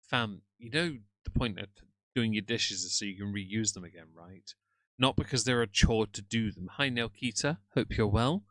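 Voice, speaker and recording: Sarcastic man streamer, low voice. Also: moderate pace, a bit bright, no room sound. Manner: sarcastic, greets viewers by name. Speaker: streamer reacting to a video. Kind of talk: live-stream reaction commentary.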